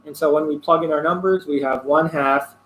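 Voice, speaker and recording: A man teaching a physics lesson, explaining a worked problem step by step with pauses and fillers. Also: on the high side, steady tone, a bit bright, roomy sound, a little hiss or hum, poor audio. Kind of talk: classroom lecture working through a problem.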